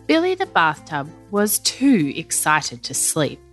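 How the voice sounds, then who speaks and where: A woman narrating a children's story aloud in an animated, playful storyteller manner. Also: sits low, takes it slowly. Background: faint music.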